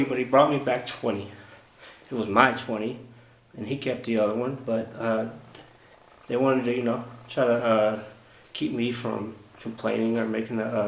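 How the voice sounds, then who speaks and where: A travel vlogger telling a story casually and frankly, with some swearing, acting out both sides of a conversation. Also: male voice, medium pitch, gravelly, echoey room, a little hiss or hum.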